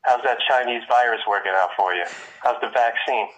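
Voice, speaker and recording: A man's voice: medium pitch, brisk, a bit bright. A man on a phone call, hostile and mocking, who cuts in again and again. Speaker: prank call target. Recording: tinny phone line.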